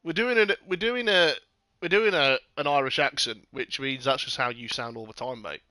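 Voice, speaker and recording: A man commentating a sim race on a casual live stream, excitable, sweary and jokey. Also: medium pitch, moderate pace, dry recording.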